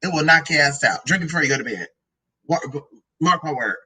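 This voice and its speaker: A woman's voice: sits low, animated, brisk, sharp tone, husky, poor audio. A transgender woman vlogging casually about drinks and food, sassy and profane, rambling from one tangent to the next. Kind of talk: casual product-review vlog.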